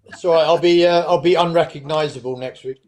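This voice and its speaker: A man's voice: fairly high pitch, fairly even intonation, fast talker. A man on a football podcast panel who talks in a laid-back, slangy way. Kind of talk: casual football chat.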